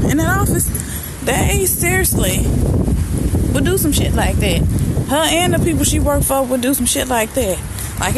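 A woman vlogging while she walks outdoors, venting bluntly in colloquial slang with heavy swearing, recorded on a phone she holds. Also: a little high. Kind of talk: casual venting while walking. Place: outdoors, walking around an apartment complex. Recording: outdoor phone recording with clear ambient noise.

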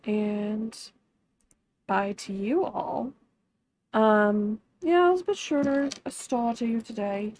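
A woman's voice: a little high, darkish tone, a little hiss or hum. A woman streamer chatting casually while playing a game, giggly and trailing off with ums. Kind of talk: casual gaming stream chat.

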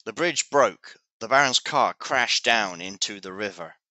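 Slow, clear man reading a storybook. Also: on the low side, expressive, sharp tone, no echo. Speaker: English teacher. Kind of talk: children's storybook read-aloud.

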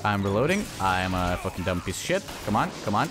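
Male Let's Play commentator, low voice, exasperated and profane, loud game music behind. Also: very animated, fairly quick, few pauses. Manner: frustrated, swearing, voice jumping up when annoyed. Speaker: gameplay commentator.

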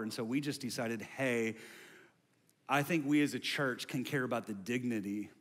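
A man preaching a sermon as pastor, building to loud, repetitive refrains. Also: mid-range voice, moderate pace, long reverb tail.

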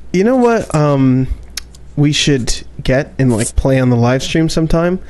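A man's voice: fairly high pitch, sing-song, measured pace, darkish tone. A man co-hosting a casual gaming podcast, chatting in a rambling, hesitant and playful way. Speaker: podcast co-host. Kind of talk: casual chat.

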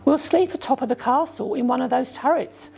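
A woman's voice: sits high, brisk, creaky, warm tone. A woman voicing a confident twelve-year-old boy in a storybook reading.

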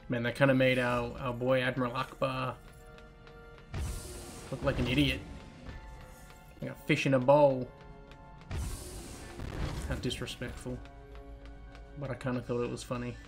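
A man's voice: mid-range voice, level tone, unhurried, pauses often, soft background music. A young man giving casual, rambling, joking commentary over a video game playthrough. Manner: rambling, joking, self-interrupting. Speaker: gaming channel host. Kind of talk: casual let's play commentary.

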